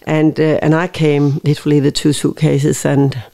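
A woman's voice: deep voice, little pitch movement, normal speed, vocal fry, mellow. A woman in her fifties from Denmark with a Danish accent, a guest in a podcast interview who speaks thoughtfully, often restarting her phrases. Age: 50s. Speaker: guest, winery owner.

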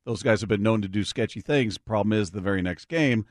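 A man's voice: on the low side, a little fast, no echo, studio quality. A middle-aged man hosting a sports radio show in casual chat, laughing easily and plugging the text line. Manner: chatty, laughs often, reads the text line. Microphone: studio microphone.

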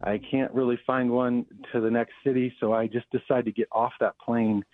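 A man from Colorado, a pastor and guest, telling a story in an earnest, animated way with small restarts. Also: medium pitch, normal speed, no room sound. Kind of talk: storytelling interview. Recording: tinny phone line.

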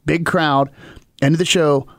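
A man's voice: a little high, measured pace, gravelly, dry recording, clean studio sound. A man co-hosting a podcast, telling stories animatedly and acting out the people in them. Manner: animated storyteller, acts out quoted voices. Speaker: podcast co-host. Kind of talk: casual storytelling chat.

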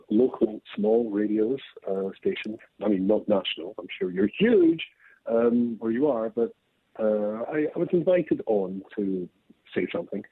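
A Scottish rabbi giving an interview as a guest, telling stories in an animated way and laughing often. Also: male voice, lowish voice, breathy edge, no room sound. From Scotland. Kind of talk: remote interview. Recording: tinny phone-like line.

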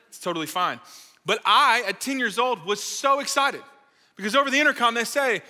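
A man giving a playful, lively sermon to a live audience, joking and talking straight to the crowd. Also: high voice, brisk. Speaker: speaker at a college ministry gathering. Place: large hall with live audience. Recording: reverberant hall.

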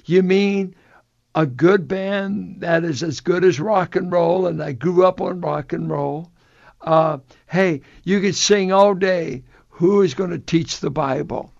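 A male pastor who is a radio guest tells stories with a joking touch. His fairly high voice has a gravelly, fry-laden texture, and the sound is dull and lo-fi. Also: slow, darkish tone. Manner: storytelling, joking. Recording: lo-fi radio broadcast.

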